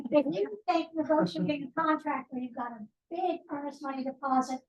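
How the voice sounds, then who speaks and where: A woman with a high voice gives a guest talk at a team meeting. She explains things plainly and adds wry asides. She sounds far from the microphone, in a reverberant office room. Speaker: guest speaker, nonprofit board president. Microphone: distant room microphone.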